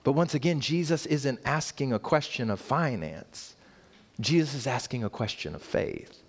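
A pastor preaches to his congregation in an expressive, gravelly voice at normal speed. He uses rhetorical questions, repeats phrases for emphasis, and makes playful asides to the church, building in pitch and force toward his emphatic points.

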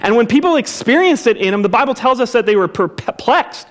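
A man's voice: extremely high pitch, animated, fairly quick. A pastor preaching a sermon to his congregation, repeating key phrases for emphasis and calling the listeners to say them back with him.

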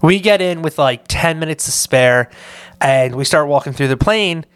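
A man's voice: on the high side, expressive, normal speed, a bit bright, clean tone, dry recording. Tired, rambling male podcaster. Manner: rambling, many "like" and "right?" fillers. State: tired, mentally drained. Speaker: podcast host. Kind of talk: casual solo podcast monologue.

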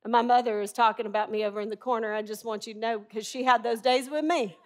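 A woman's voice: on the high side, fairly even intonation, quick pace. A middle-aged woman preaching a sermon in a conversational, humorous and emphatic way.

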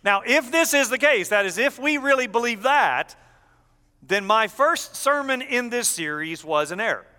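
A man's voice: extremely high pitch, animated, normal speed, pushed and bright, long reverb tail. A man preaching an expository sermon as pastor, teaching with emphatic delivery.

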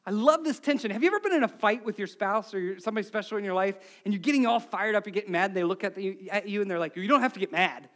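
A middle-aged man preaching a sermon as a pastor, telling stories with big swings from hushed near-whispers to shouts. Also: sits high, racing, hardly any pauses.

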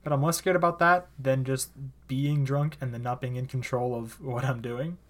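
A young man co-hosting a relaxed podcast conversation. He rambles along, leaning on filler words and often breaking into laughter. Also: medium pitch, moderate pace. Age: young adult. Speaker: podcast co-host. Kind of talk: casual chat.

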